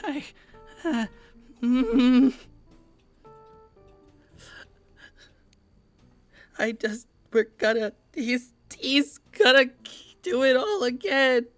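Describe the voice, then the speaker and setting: A woman's voice: high voice, slow pace, soft background music. A woman playing a panicked shapeshifting spirit in a young man's form, stammering and pleading frantically. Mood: distraught.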